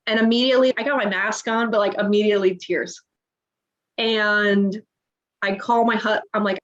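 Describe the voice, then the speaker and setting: A woman's voice: on the high side, brisk. A woman in her thirties recounting a personal story in a casual interview, acting out the dialogue with animation. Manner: animated retelling, acts out quoted dialogue. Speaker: podcast guest. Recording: dull lo-fi audio.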